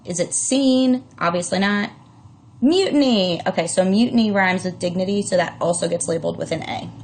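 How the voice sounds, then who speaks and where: Woman teacher talking thru a recorded class, kinda gravelly voice, lots of um and oops-i-mean. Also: fairly low pitch, moderate pace, slight background noise. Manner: casual, lots of fillers and self-corrections. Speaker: English teacher. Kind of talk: recorded distance-learning lesson.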